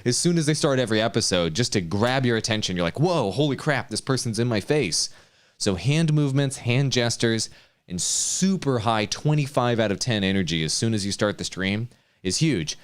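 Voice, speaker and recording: A man coaching streamers in a casual chat, energetic and quick to act out hyped examples. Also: medium pitch, clean tone.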